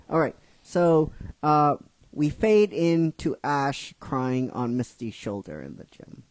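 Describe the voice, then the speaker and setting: Man, middle-aged, rambling casual storyteller, slow delivery, dry close sound. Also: fairly high pitch, lively intonation, no echo. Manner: rambling and chatty, with many restarts and asides. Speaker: narrator of a fan script series. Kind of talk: casual spoken story narration.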